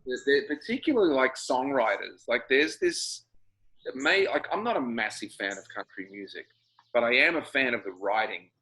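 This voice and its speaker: A man's voice: mid-range voice, lively intonation, moderate pace, pushed and bright, breathy edge, low-quality recording. A man in his fifties with an Australian accent, chatting as a guest over a video call in a reflective, rambling way with dry humor. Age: 50s. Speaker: guest, singer-songwriter. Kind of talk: casual interview chat.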